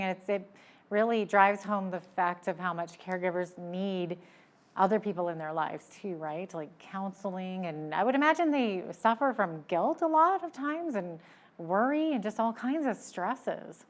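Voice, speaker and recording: A woman's voice: medium pitch, lively intonation, normal speed. A woman hosting a TV news interview, responding eagerly and affirming her guest. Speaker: news show host.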